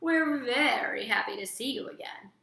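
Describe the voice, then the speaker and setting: A woman's voice: high-pitched, very animated, normal speed, bright, forceful tone, pitched above the performer's own voice, heavily acted. A woman voicing a bossy young female bear in a storybook reading, sarcastic and mocking. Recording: roomy echo.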